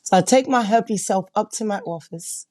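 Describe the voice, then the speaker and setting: A woman paralegal tells stories in a casual interview, lively and quick to laugh. Her voice is warm and mellow, set in a middle register. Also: medium pitch, no echo. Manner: animated storyteller, laughs often.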